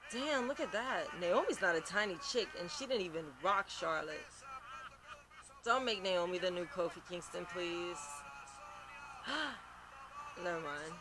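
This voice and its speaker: High-pitched man, outspoken reaction host, sleepy late at night, noisy home recording. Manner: outspoken and exclamatory, swears freely. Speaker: wrestling reaction channel host. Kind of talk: casual reaction commentary.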